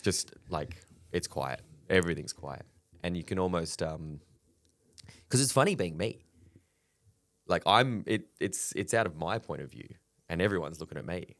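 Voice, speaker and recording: A deep-voiced man in his thirties talks candidly in a casual podcast chat, swearing freely and laughing between stories. The recording is close and dry, with no room sound. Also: lively intonation, normal speed, a bit bright, no echo. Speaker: comedian guest.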